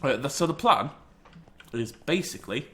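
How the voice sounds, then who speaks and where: Bright, lively young man. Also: normal speed. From United Kingdom. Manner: chatty, self-mocking, yelps in high pitch when startled. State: has a cold. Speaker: gaming channel host. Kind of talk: casual Minecraft let's play commentary.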